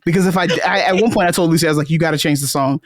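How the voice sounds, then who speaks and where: A woman's voice: low-pitched, racing. A woman co-hosting a casual chat podcast, telling a story with lots of laughter and acted-out quotes. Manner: animated storyteller, laughs often, acts out quotes. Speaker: podcast co-host.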